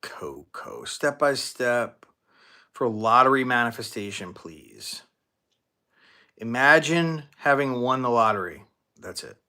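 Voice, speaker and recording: Bright-voiced man hosting a casual livestream. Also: mid-range voice, takes it slowly. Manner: casual, chatty, many restarts and fillers; thanks donors with bursts of excitement. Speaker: manifestation coach and livestream host. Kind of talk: live-stream Q&A, answering viewer questions.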